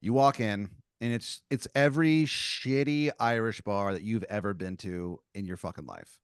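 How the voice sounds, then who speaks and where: A man's voice: on the low side, moderate pace, clear, resonant tone, no echo, clean studio sound. A man on a comedy podcast improvising a second-person story, rambling with lots of filler words. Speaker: podcast co-host telling a scenario.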